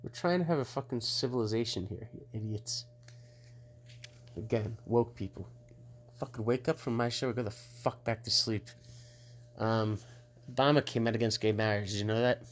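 A man's voice: mid-range voice, normal speed. A middle-aged man hosting his own show in a blunt, rambling, profane monologue, laughing between remarks. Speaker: show host.

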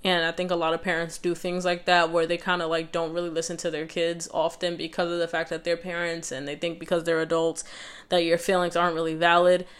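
Smooth, low-pitched young woman vlogger. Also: monotone, a little fast. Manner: conversational, many fillers and restarts. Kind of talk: casual personal storytelling.

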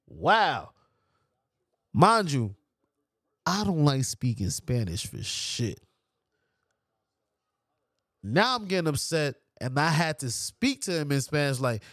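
High, lively New man storyteller. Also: slow, long pauses, no room sound, studio quality. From New York. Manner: animated, profane, mimics others' voices. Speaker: podcast guest. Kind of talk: casual storytelling.

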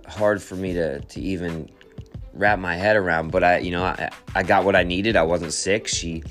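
Low-voiced man, halting and reflective. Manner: halting, repeats words and restarts often; quiet, reflective storytelling. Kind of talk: personal testimony.

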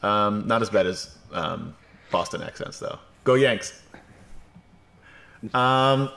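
A man's voice: lowish voice, lively intonation, slow, creaky, pushed and bright. A man from New York, the game master on a livestream, recapping the campaign in a joking, rambling way with many fillers.

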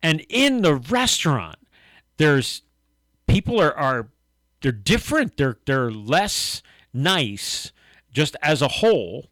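A man's voice: fairly high pitch, slow pace, no room sound. A middle-aged man co-hosting a casual Christian talk show, telling stories and acting out quotes. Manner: animated storyteller, acts out quotes. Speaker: co-host of a Christian talk podcast. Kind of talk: casual faith discussion.

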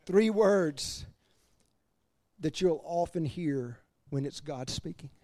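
A man preaching as pastor, animated, laughing between points and dropping to quiet emphasis. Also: on the high side, slow, no echo. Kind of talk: sermon.

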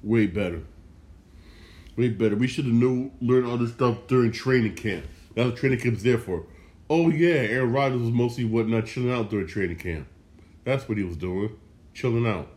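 A man's voice: medium pitch, moderate pace, a little mellow. Heated man ranting about football. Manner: heated, frustrated, repeats himself a lot; profane. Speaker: sports podcast host. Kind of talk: casual sports rant.

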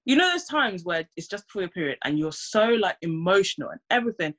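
A woman's voice: fairly low pitch, big pitch swings, fast, fairly bright tone. A young woman, chatting casually and acting out her own reactions. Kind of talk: casual chat.

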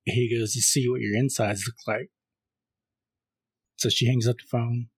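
Husky man retelling a movie plot. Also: mid-range voice, a little slow, dry recording. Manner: retells a film scene by scene, reading the caller's lines flatly. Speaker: podcast co-host. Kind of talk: casual film recap.

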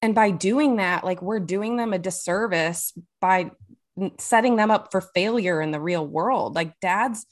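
A woman joining a casual faith-based chat, speaking in a thoughtful, measured way. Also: medium pitch.

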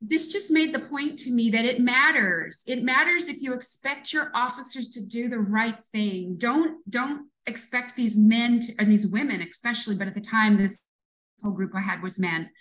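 A woman's voice: fairly high pitch, normal speed, fairly bright tone, poor audio. A woman in her fifties, a retired police lieutenant, telling a story earnestly and reflectively in an interview.

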